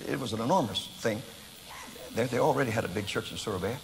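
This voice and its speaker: An older American man preaching, telling a story in an animated way with sudden shouts and laughter at himself. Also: mid-range voice, quick pace, gravelly, in a large hall, slight background noise, low-quality recording. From United States. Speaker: evangelist preacher. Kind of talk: storytelling sermon.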